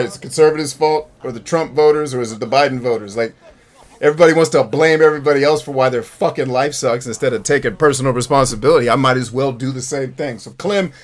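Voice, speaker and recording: A man hosting a gameplay stream, joking, rambling and talking to his chat. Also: medium pitch. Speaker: gaming streamer host. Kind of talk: casual gameplay commentary.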